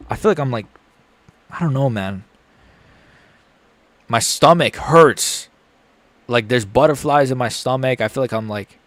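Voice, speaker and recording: A man's voice: mid-range voice, dry recording. Young guy streaming a fight, super nervous, mumbles then yelps, dead dry close mic. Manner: nervous, rambling, swings from mutters to yelps. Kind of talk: live fight reaction stream.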